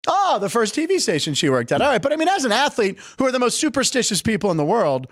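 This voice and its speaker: Animated, chatty male sports host. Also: extremely high pitch, fast talker, no echo. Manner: chatty, jokey, animated storytelling. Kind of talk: casual sports talk.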